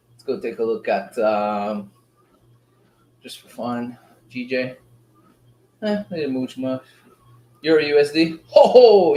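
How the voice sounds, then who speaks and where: Excitable man giving live trading commentary. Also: medium pitch. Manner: excitable, slangy, talks to viewers. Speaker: forex trading streamer. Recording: roomy echo.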